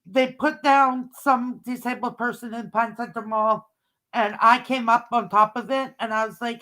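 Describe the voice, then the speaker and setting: Woman, slightly high and bright, swears freely while telling a heated story. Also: steady tone, moderate pace. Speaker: girlfriend in a phone hangout. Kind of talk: casual chat and storytelling.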